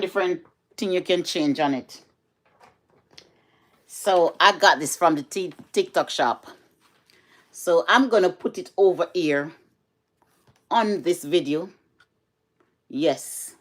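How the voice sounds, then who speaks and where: A middle-aged Jamaican woman with a Jamaican accent, chatting casually to camera in a vlog from home, repeating herself and slipping into patois. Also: sits low. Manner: chatty, repetitive, switches into patois. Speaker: vlogger.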